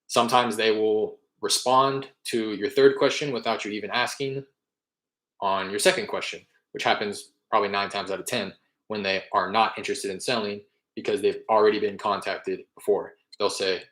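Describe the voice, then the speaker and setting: A man's voice: fairly low pitch, fairly even intonation, moderate pace, fairly bright tone, reverberant. A young man in casual talk, explaining his real estate cold-calling method between live calls, rambling a little as he goes.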